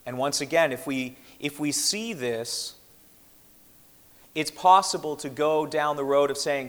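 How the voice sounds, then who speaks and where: A man preaching a sermon in an earnest, measured way, slowing down to stress the scripture he quotes. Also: a little high. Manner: earnest, measured, with slowed emphatic quotations. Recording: reverberant hall.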